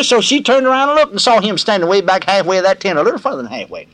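An older man preaches in a folksy, emphatic way. His voice sits high and bright, with a lively rise and fall. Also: racing. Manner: folksy, emphatic, plain-spoken. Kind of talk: sermon leading a call-and-response. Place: large gathering, live recording.

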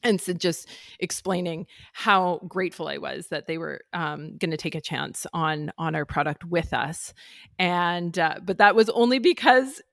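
A woman's voice: fairly low pitch, measured pace, creaky, dry recording, clean studio sound. A woman who owns a business, chatting casually, self-deprecating and laughing as she talks. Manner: warm, self-deprecating, laughs while talking. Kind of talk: casual conversation.

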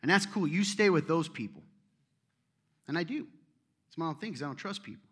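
A man preaching a sermon as pastor, telling a story with swings from loud exclamations to hushed asides. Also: a little high, animated, fairly quick, slightly rough.

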